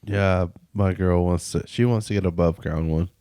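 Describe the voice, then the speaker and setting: A man's voice: deep voice, steady tone, moderate pace, warm tone, clean tone. A Southern man in his thirties co-hosting a podcast, trading crude, joking banter in casual chat. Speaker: podcast co-host.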